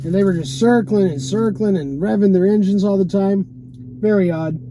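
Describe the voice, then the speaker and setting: Rambling high-voiced man. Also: normal speed, warm tone, slight background noise. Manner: loose and rambling, many fillers like "you know" and "man", swears often. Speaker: vlogger telling a personal story. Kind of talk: casual rambling monologue. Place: inside a parked car.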